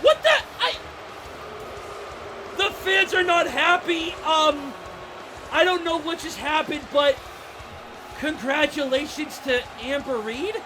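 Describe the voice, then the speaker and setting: A man calls a live wrestling match, his voice pitched very high and often breaking into shouts. He delivers the moves slowly and deliberately, with plenty of stunned disbelief. A loud crowd and arena noise fill the space around him. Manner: excitable, yelling calls and disbelief. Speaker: play-by-play wrestling commentator. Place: indoor music venue during a live show. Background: cheering crowd.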